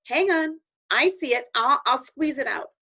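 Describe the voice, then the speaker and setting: A woman's voice: high voice, animated, a little slow, pushed and bright, pitched above the performer's own voice, exaggerated voice. A woman reading aloud voices an anxious, cheeky young boy in a raised, earnest voice. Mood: reproachful. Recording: dull lo-fi recording.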